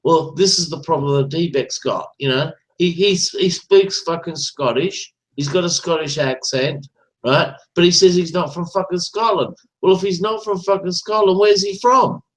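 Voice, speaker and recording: A man's voice: sits high, moderate pace, poor audio. A man calling in to an online talk show, ranting and swearing, tagging "right?" onto his points. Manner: ranting, profane, repeats "right?". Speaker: caller. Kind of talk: casual chat.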